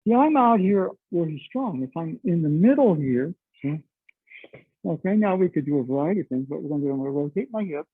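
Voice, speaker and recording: A man's voice: fairly high pitch, lively intonation, brisk, husky, dry recording. A middle-aged man teaching a martial arts class, explaining chattily with lots of "okay" and "you know.". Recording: dry, tinny phone-like sound.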